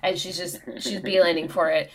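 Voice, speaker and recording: Animated, foul-mouthed woman telling a funny story. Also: fairly low pitch, normal speed. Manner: animated, profane, comic storytelling. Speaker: podcast co-host. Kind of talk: casual storytelling chat.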